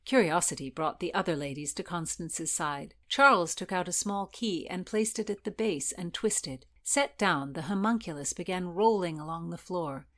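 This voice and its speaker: A woman host reading historical fiction aloud in an expressive storytelling manner. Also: lowish voice, normal speed, hardly any pauses. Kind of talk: scripted narration of historical fiction.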